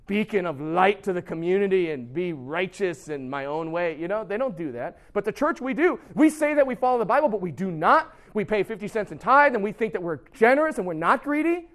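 A man's voice: high voice, brisk, hardly any pauses. A young man giving a youth sermon as a pastor, talking casually and acting out the excuses his students make. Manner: conversational and animated, acts out students' excuses.

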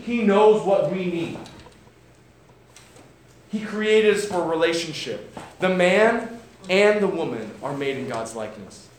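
A man's voice: high-pitched, lively intonation, a little slow, long pauses. A young adult man preaching a sermon in a casual, conversational way, with joking asides and frequent checks of "right?". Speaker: pastor. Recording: roomy hall sound, faint background noise.

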